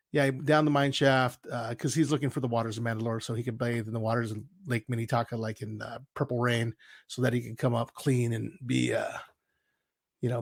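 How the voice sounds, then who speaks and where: Man, gravelly voice, dry close sound, rambling animated recap, podcast co-host. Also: mid-range voice, dry recording. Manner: rambling, animated retelling with playful asides. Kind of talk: casual chat.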